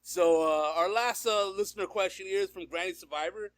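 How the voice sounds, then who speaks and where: A man's voice: sits high, a little fast, a bit bright, no echo, studio quality. A man hosting a casual interview, upbeat, laughing often and restarting his sentences. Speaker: podcast host.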